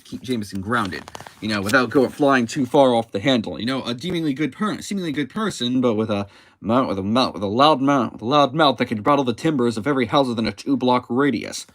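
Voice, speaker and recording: A man casually reviewing a comic book, talking in a halting way with frequent restarts and self-corrections. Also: mid-range voice, dry recording.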